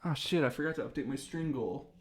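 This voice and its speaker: A man's voice: a little high, fast, husky. A man chatting casually on a live stream as he ranks his own videos, rambling and hesitant and often laughing.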